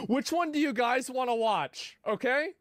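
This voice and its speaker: A man streaming live, reacting to videos with animated, exasperated asides. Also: very high-pitched, measured pace, no room sound.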